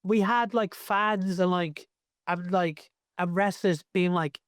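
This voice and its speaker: High, clear-voiced Cardiff Welsh man. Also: fairly even intonation, takes it slowly, a bit bright, dry recording. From Wales. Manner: rambling, lots of fillers and restarts. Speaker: professional wrestler, guest. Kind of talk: casual interview chat.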